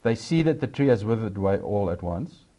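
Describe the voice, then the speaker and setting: A man preaching a sermon, swinging between loud, emphatic lines and quieter asides. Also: fairly low pitch, animated, a little fast.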